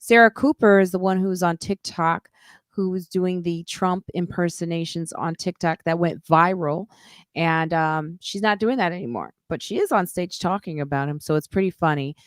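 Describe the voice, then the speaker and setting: A middle-aged woman hosts a live podcast stream in a chatty, loose way and swears now and then. Her voice sits low and sounds smooth and clear. The sound is dry and close. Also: normal speed, no room sound. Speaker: podcast host. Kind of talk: casual live-stream chat.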